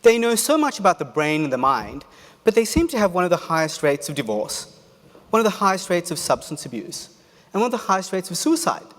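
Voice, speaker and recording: A man giving a motivational keynote speech as a lively storyteller with humorous asides, in an echoey hall. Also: high-pitched, a little fast. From Australia. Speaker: keynote speaker.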